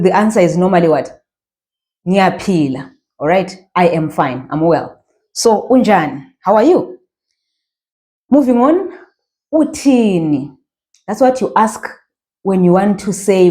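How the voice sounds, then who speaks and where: Zimbabwean woman, language teacher, lowish voice, mellow tone, repeats phrases, asks questions. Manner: explains slowly, repeating phrases, asking rhetorical questions. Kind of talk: language lesson.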